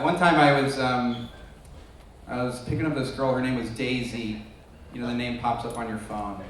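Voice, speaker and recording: A young man doing a stand-up comedy set, telling self-deprecating stories and bursting into loud acted voices. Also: medium pitch. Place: comedy club with live audience. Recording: echoey club from far off, audience audible.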